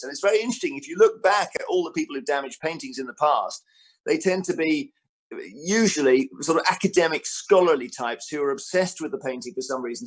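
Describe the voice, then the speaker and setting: Animated male author telling stories. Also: fairly high pitch. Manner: animated storyteller, acts out quotes; frequent restarts and fillers. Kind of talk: book festival interview talk.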